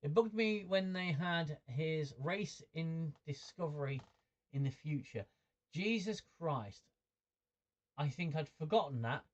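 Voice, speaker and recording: A man's voice: on the high side, lively intonation, slow, dull audio. Stammering man chatting on a livestream. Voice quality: mid-range voice. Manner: stammering, repeats words while thinking; chuckles often, chatty. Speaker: host. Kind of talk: livestream chat reading viewer comments.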